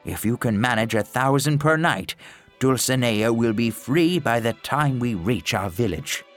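A man voicing a gentle old knight on his deathbed, speaking softly and wearily. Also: medium pitch, lively intonation, measured pace, soft background music. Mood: proud. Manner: soft, weary, resigned. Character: old dying male knight, weak and gentle. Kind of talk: storybook narration.

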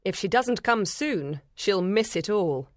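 A woman voicing an eager, bloodthirsty woman in the crowd who talks loudly and drags her words. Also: mid-range voice, animated, slow, dry recording, clean studio sound. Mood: impatient.

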